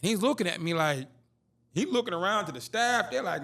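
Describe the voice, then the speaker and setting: A man's voice: high voice, fairly quick, gravelly. A man in his fifties telling a streetwise story in a casual interview, acting out the dialogue. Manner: animated, streetwise, acts out dialogue. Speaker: interview guest.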